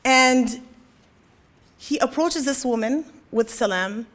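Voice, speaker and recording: A woman's voice: high voice, takes it slowly, fairly bright tone. A young woman giving a religious lecture at a convention, telling a story and often checking in with "right?". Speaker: convention speaker.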